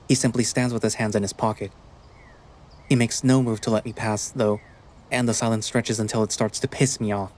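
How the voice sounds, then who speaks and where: A man giving steady, introspective first-person narration of a visual novel. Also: fairly low pitch, a little fast.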